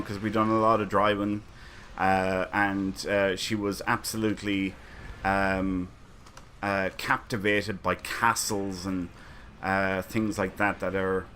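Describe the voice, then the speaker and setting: Male streamer, low-ish voice, easygoing rambling chat with viewers. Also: a bit bright, slight background noise. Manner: rambling anecdotes, frequent fillers and chuckles. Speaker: streamer and community host. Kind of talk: casual livestream chat, reading chat comments.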